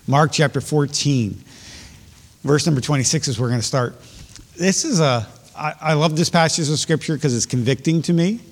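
Male pastor, earnest, emphatic preaching; slightly high voice, echoing hall. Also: moderate pace. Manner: earnest, builds to raised emphatic peaks. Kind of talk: sermon.

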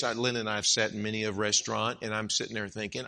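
A middle-aged man preaching a dramatic sermon, acting out the voices of the people he quotes and building to loud, emphatic peaks. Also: mid-range voice, fast talker, hardly any pauses. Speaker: pastor.

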